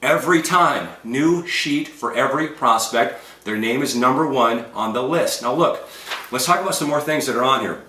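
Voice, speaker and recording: A confident man coaches his listeners with emphatic conviction. His voice is bright and forward, and it sits back from the microphone in a reverberant room. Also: mid-range voice, normal speed, distant mic. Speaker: sales trainer. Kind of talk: instructional talk. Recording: echoey room, voice set back from the mic.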